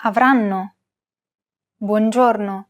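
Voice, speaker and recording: Woman enunciating letters slowly. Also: medium pitch, fairly even intonation. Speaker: pronunciation model speaker. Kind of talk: pronunciation demonstrations.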